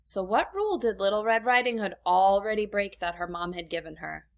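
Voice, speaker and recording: A woman's voice: medium pitch, expressive, a little fast. A woman teacher reading a storybook lesson aloud to children, stopping to ask the class questions. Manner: friendly, asks the class questions.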